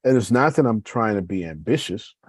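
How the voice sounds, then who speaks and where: Man, husky low voice, dry close sound, casual motivational monologue, calls the audience y'all. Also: animated, a little fast, no room sound. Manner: conversational, addresses listeners as y'all, rambling with restarts. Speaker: business owner giving a motivational talk.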